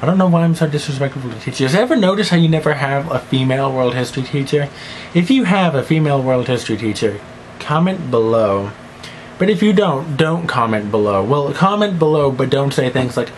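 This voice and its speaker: A teenage boy vlogs in one unbroken take, rambling and goofy, with sudden silly voices and mumbled asides. His voice sits at an ordinary mid pitch, and a faint hiss of room ambience runs behind him. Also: lively intonation, a little fast, low-quality recording. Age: teens. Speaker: vlogger.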